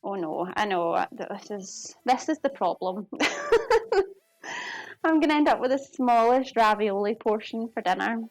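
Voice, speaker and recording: A woman's voice: on the high side, big pitch swings, a little slow, faint music behind. A woman with a Glasgow-area Scottish accent, chatting casually while cooking and reading comments, laughing often at herself. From Scotland. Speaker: live cooking streamer.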